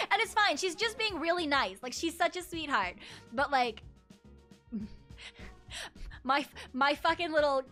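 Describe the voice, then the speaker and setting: High, bright-voiced woman streamer chatting. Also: lively intonation, a little slow, pauses often, soft background music. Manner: rambling, laughing storyteller. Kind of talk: casual chat.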